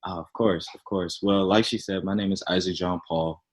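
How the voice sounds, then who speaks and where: A man from Chicago, a podcast guest, telling his story in a relaxed, humble, easygoing way. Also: low-pitched, normal speed, rough recording. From Chicago, Illinois. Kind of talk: casual interview chat.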